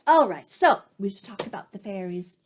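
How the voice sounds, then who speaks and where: A woman co-hosting a show and telling folktales with a playful, drawn-out delivery. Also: mid-range voice, slight background noise. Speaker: storyteller and co-host. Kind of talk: folktale storytelling with banter. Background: guitar music.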